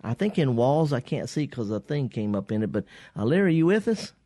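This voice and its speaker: A man's voice: mid-range voice, sing-song, fairly quick, warm tone, dry recording, studio quality. A man hosting a call-in garden radio show, talking in a rambling, folksy way with many restarts. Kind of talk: casual call-in radio chat. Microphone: studio microphone.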